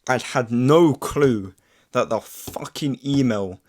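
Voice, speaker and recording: A man's voice: mid-range voice, takes it slowly. A young man telling a story to camera in a rambling, sweary, casual way, full of "like". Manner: rambling, sweary, filler-heavy with lots of "like". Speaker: vlogger. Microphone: camera mic.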